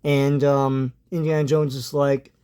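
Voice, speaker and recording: A man's voice: mid-range voice, level tone, a little slow, warm tone, smooth. A man casually retelling a comic book story, hesitant and full of ums and uhs. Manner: hesitant, lots of ums and uhs, chuckles now and then.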